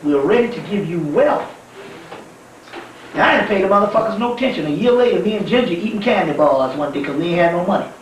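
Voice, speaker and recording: A man giving a spiritual lecture, telling stories in a profane, animated way. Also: high voice, rapid-fire, few pauses, slight background noise. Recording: echoey room heard from far off.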